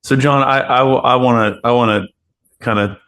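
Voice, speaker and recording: A man hosting a podcast interview, starting halting and restarting as he leads into a question. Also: medium pitch, fairly even intonation, fairly bright tone. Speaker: podcast host.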